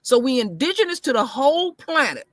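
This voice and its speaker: A woman co-hosting a casual opinion talk, telling stories forcefully and cutting in often. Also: high voice, sing-song, brisk, dry recording. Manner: forceful storytelling, interjects often. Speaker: co-host.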